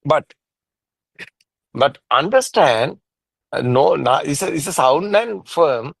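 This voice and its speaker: A man's voice: a little high, animated, gravelly, husky, no echo, poor audio. Man talking dharma over a dry video call. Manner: halting, repetitive phrasing with frequent soft laughs. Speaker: Buddhist teacher. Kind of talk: casual dharma discussion.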